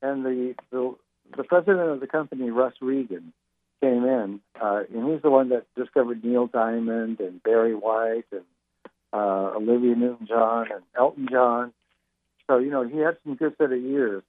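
A man's voice: medium pitch, steady tone, moderate pace. Older man musician on a phone line. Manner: rambling, many fillers and restarts. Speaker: musician guest. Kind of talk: interview over the phone.

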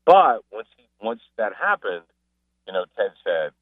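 Animated man talking over a phone line. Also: fairly low pitch, a little slow, no room sound. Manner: animated storyteller, mimics people he describes. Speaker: sports broadcaster and guest. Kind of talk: casual radio chat.

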